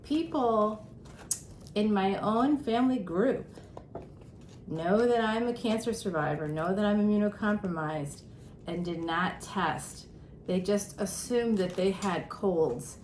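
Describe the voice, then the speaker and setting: A woman's voice: takes it slowly, a little mellow. Breathless chatty woman in a roomy space. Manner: chatty, self-mocking, with frequent laughs. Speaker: tarot reader and astrologer. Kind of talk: casual chatty monologue. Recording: roomy echo with faint rumble.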